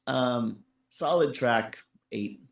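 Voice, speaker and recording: Slow, gravelly man in an echoey room. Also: medium pitch. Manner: laid-back, rambling with fillers, laughs at his own jokes. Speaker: co-host reviewing listener tracks. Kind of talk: casual critique chat.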